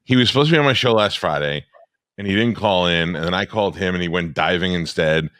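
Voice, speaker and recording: Deep-voiced radio host, smooth and dry. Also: male voice, quick pace, fairly bright tone, no room sound. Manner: profane, rambling storyteller. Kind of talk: casual podcast chat.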